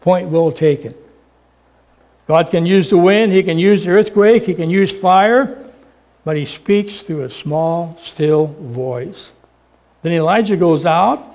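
A man preaching a sermon, swinging from loud, emphatic points down to a hushed near-whisper. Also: sits high. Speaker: pastor.

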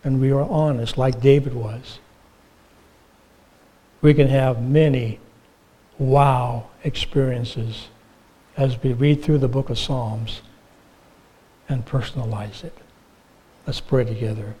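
A man preaching a sermon as a pastor, telling humorous stories and then growing hushed and earnest about forgiveness. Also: medium pitch, fairly even intonation, slow pace, pauses often, slightly rough. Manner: storytelling with humor, hushed and earnest when turning to God's forgiveness.

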